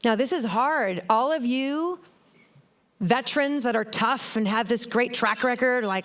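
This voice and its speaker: A woman's voice: on the high side, a little slow. A middle-aged woman giving a motivational keynote talk on a conference stage, telling stories and speaking straight to the audience. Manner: animated, storytelling, addresses the audience directly.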